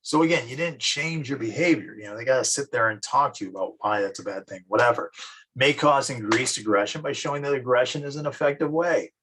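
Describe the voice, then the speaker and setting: A man's voice: medium pitch, a little fast, fairly bright tone, a little hiss or hum, rough recording. A male psychology teacher giving a casual classroom lecture, often acting out everyday examples. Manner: casual, anecdotal, acts out examples.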